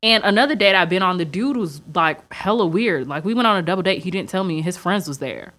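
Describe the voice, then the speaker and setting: Speaking a little fast in a fairly low voice, a young podcast co-host recounts a dating story on a casual show. She gets animated and plays each character's lines herself.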